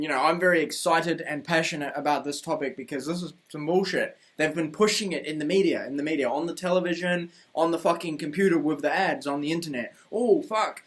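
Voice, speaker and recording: A man's voice: on the high side, fairly bright tone. A man with a New Zealand accent, ranting heatedly in a vlog, swearing constantly and repeating himself. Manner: profane, heated, repetitive ranting. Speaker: vlogger.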